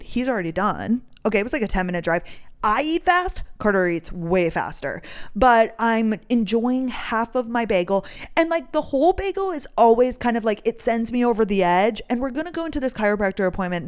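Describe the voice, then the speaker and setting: A woman's voice: medium pitch, clean tone. A young woman hosting her own podcast, telling a rambling everyday story in a chatty way, swearing freely and acting out what people said. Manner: chatty, swears freely, lively quoting of others. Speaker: podcast host. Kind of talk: casual storytelling monologue.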